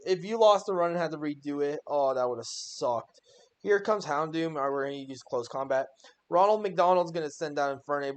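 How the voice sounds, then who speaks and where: A young man giving a casual voice-over on his own game run, joking and exasperated at his own plays. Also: fairly high pitch. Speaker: gaming YouTuber.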